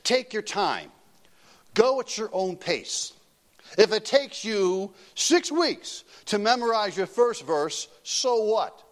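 Lively high-voiced older male preacher. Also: slow. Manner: emphatic, repeats key points, folksy asides. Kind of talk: teaching sermon.

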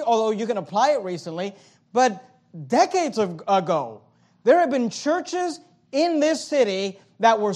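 A man with a very high voice delivers a sermon from the pulpit of a church auditorium. He preaches emphatically, repeats his phrases in runs, and swings between loud, pressing lines and quiet ones. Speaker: pastor.

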